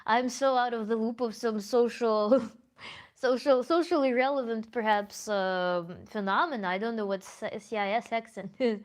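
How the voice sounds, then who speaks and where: A woman in a relaxed livestream Q&A, answering viewers as a tantra coach. She speaks a little high, thinks aloud, and often corrects herself mid-sentence. A light laugh slips in now and then. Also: normal speed. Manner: thoughtful, self-correcting, with small laughs. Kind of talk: livestream Q&A, reading chat comments.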